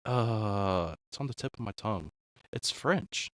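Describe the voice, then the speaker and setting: A man chatting casually on a stream, low-key and often trailing off into quiet asides. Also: animated, measured pace, no room sound, clean studio sound. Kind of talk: casual chat.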